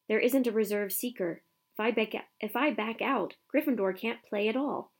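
A woman's voice: on the high side, moderate pace. An earnest young boy hero speaks steadily and kindly, as a woman reads him. The voice stays close to her plain reading.

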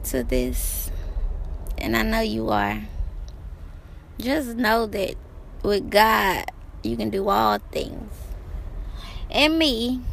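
A woman's voice: fairly high pitch, creaky, slight background noise. A middle-aged woman vlogging outdoors by the ocean, giving herself an emphatic, repetitive, preachy pep talk. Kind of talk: motivational self-talk.

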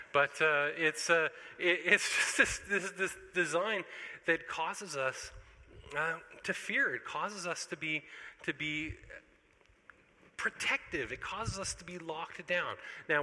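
Bright-voiced pastor preaching in a hall. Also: male voice, a little high. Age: middle-aged. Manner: animated storytelling, acts out scenes. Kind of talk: sermon.

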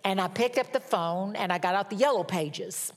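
A woman's voice: mid-range voice, normal speed. A middle-aged woman preaching a sermon, telling a personal story in a candid, self-mocking way. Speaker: pastor.

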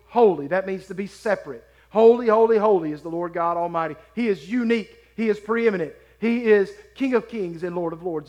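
A man preaching a sermon, emphatic on key words and dropping to quiet asides. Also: high voice. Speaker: pastor.

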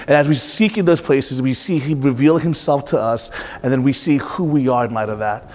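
A man's voice: mid-range voice, moderate pace, darkish tone, in a large hall. A pastor in his thirties preaching to a congregation, calling out questions and repeating back the answers with emphasis. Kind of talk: interactive sermon.

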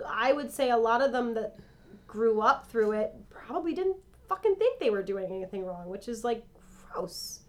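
A woman's voice: fairly high pitch, expressive, moderate pace. A young woman co-hosting a casual chat podcast, reacting with jokes and rambling when she turns serious. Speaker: podcast co-host.

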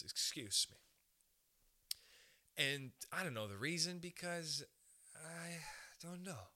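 A young man doing a rambling, profane stand-up style monologue. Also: mid-range voice. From Canada. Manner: profane, rambling, animated asides.

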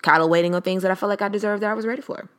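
This podcast host is a woman in her thirties with a medium-pitched, fairly even voice and a rapid-fire delivery. Talking solo, she's casual and reflective, now and then acting out her own inner voice.

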